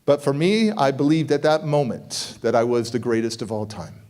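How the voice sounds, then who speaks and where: A middle-aged man, a motivational speaker, telling a story on stage, animated and jumping into quoted voices. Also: normal speed. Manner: animated, acts out quoted voices with big pitch jumps. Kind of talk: energetic storytelling keynote. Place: conference hall stage.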